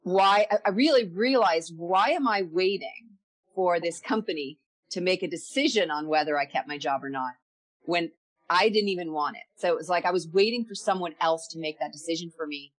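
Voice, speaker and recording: A woman's voice: on the low side, normal speed. A woman as a podcast guest, telling her own story candidly and reflectively, often repeating words as she gathers her thoughts.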